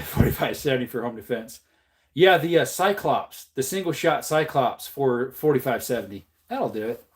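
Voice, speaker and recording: A man hosting a livestream, casually reading out and answering viewer comments with frequent laughs and jokes. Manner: laughs often, jokey, repeats "man" and "allegedly"; puts on a higher voice when quoting people. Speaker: livestream host.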